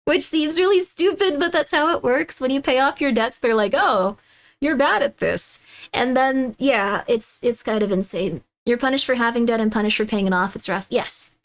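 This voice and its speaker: A woman live-streaming, chatting casually with her audience and reacting to videos. She is animated and laughs often. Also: normal speed. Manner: chatty and animated, laughs often, loud shrill bits when mocking someone.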